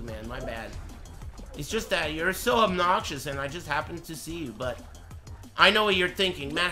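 A man's voice: fairly high pitch, bright, forceful tone. A man in his twenties streaming a game live, swearing and ranting at his chat in mock anger. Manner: profane, mock-angry banter with chat. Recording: game music underneath.

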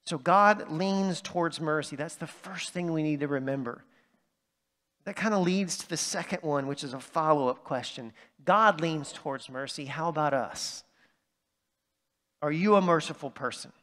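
Man, pastor, conversational sermon, fairly high voice, long church reverb. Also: a bit bright. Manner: conversational preaching with asides like "right?". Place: church sanctuary.

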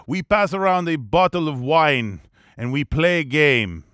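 A man's voice: fairly high pitch, expressive, unhurried, fairly bright tone, no echo, studio quality. A man voicing an eager young traveler who coaxes others toward a campfire game. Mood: coaxing.

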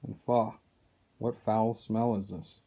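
A man's voice: lowish voice, level tone, slow pace, mellow, breathy edge, full character voice. A man reading aloud as a noble young king with formal, old-fashioned speech. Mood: indignant.

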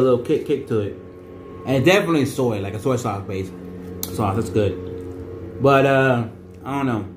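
A vlogger with a medium-pitched, reverberant voice reviews noodles while talking casually. He rambles and repeats himself, restarting sentences often and leaning on fillers.

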